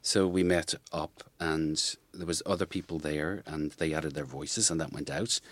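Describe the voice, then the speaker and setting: A man with a very deep voice recounts events in an interview. He is plain-spoken and matter-of-fact, sometimes restarting his sentences. The sound is dry and close. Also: fairly even intonation, normal speed, no echo. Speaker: interviewee, local walker.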